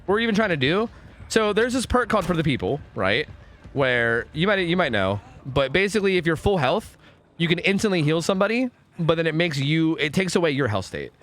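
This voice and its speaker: A young man streaming a video game, rambling and swearing, swinging between groans and excited outbursts. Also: on the high side, brisk. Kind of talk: live gameplay commentary.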